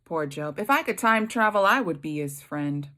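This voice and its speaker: A woman teaching a Bible study, reading scripture aloud and commenting with emphatic, expressive reactions. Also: low-pitched, normal speed.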